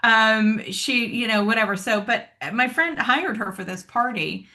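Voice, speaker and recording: A woman's voice: on the high side, measured pace, sharp tone. A woman co-hosting a podcast, telling a story in a chatty way with plenty of ums and asides. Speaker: podcast co-host. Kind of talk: casual chat.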